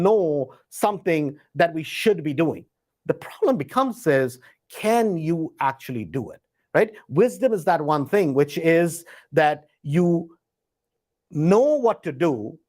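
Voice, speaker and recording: A man's voice: high-pitched, a little mellow. Man talking shop, lots of "right?". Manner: conversational, frequent "right?" tag questions; acts out quoted inner voices. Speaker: host. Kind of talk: live Q&A talk.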